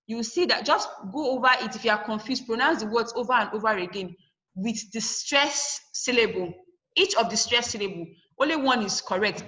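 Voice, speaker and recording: A woman teaches a class over a video call. Her voice sits fairly high and rings bright and forceful. She asks the class questions, answers them herself, and repeats the points she wants them to remember. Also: poor audio. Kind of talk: online class lesson.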